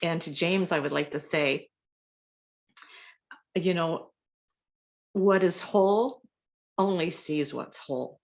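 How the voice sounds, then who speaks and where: A woman's voice: on the low side, slow, vocal fry, long pauses. A woman sharing in a spiritual group, nervous and effusive, searching for words. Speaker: community member sharing.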